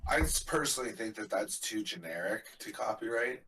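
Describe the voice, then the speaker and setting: A man hosting a casual live hockey reaction stream, chatty and quick with asides, explaining the lingo. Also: on the low side, expressive, pushed and bright. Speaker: stream host.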